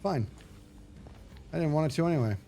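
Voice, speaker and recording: A man's voice: a little high, animated, brisk, warm tone, a little hiss or hum. A man streaming a game live, chatting in a rambling, self-mocking way as he thinks aloud. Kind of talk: live gaming stream chat.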